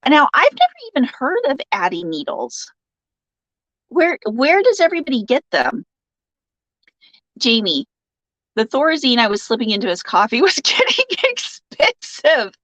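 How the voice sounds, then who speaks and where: Chatty woman with a lively voice. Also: on the high side, dry recording, dull audio. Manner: chatty, laughing often, sympathetic and joking. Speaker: livestream host reading viewer comments. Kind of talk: casual chat.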